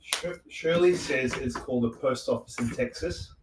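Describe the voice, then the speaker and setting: A man's voice: mid-range voice, moderate pace, distant mic, a little hiss or hum. A man co-hosting a craft livestream, reading viewer comments aloud in a casual, offhand way. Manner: reads out viewer comments, offhand with small laughs. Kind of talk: casual live chat. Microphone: away from the mic. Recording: echoey, off-mic with faint clicks.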